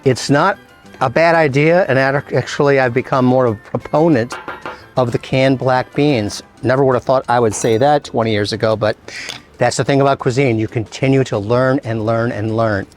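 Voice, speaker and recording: A man's voice: medium pitch, normal speed, soft background music. Chatty chef man walking through a recipe. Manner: relaxed, chatty, explains each step with playful asides. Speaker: chef and show host. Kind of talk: cooking demonstration.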